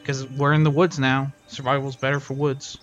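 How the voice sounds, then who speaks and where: A man's voice: medium pitch, level tone, normal speed, dull audio, loud music behind the voice. Brief: male player, casual and practical, mid voice. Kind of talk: casual tabletop game play.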